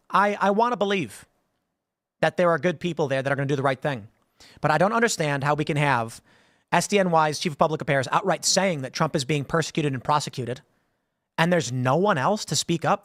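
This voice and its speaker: A man's voice: a little high, lively intonation, fast, fairly bright tone, no room sound, studio quality. A man in his thirties hosting a casual commentary show, rambling and repeating words as he thinks. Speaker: host.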